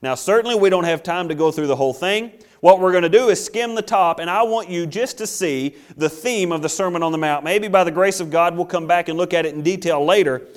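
A man's voice: high-pitched, fairly quick, hardly any pauses. A male pastor preaching a sermon with an emphatic, repetitive cadence.

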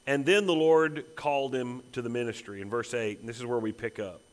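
A man's voice: mid-range voice, steady tone, fairly quick. A man preaching a sermon as pastor, emphatic and building to intense repeated phrases. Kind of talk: expository sermon.

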